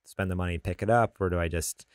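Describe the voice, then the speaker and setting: A young man rambles through a casual podcast chat, animated and quick to laugh, often restarting his sentences. His voice sits low and deep. The sound is dry and close, with no room around it. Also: clean tone, no echo. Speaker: podcast co-host.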